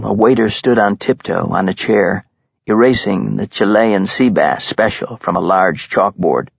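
Male audiobook narrator, husky and gravelly, measured thriller read, dull lo-fi recording. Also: on the low side, no echo. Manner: measured, tense storytelling. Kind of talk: scripted dramatic narration.

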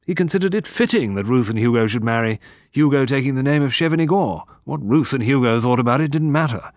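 A man voicing a blunt, gruff old military colonel who talks in brisk, clipped phrases. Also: medium pitch, lively intonation, no room sound, studio quality, lightly acted. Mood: confiding.

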